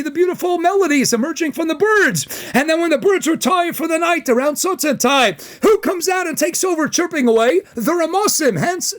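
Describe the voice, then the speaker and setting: Man, rabbi, very high voice, animated Torah lecture, lots of rhetorical questions.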